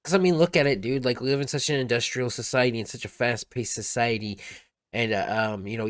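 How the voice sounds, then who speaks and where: Male streamer, fairly low voice, laid-back rambling reaction talk, dry close sound. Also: dry recording. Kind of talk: casual reaction commentary.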